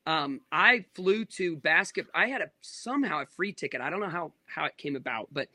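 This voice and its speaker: Bright-voiced rambling pastor telling stories. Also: male voice, on the high side, animated, no room sound. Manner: rambling storyteller, quick asides and restarts. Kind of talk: casual conversation.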